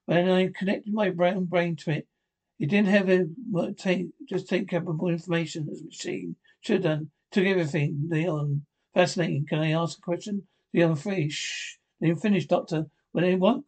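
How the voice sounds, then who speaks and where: A man reading a drama script aloud, naming each speaker and reading the stage directions in a flat, halting way. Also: high voice, vocal fry, breathy edge.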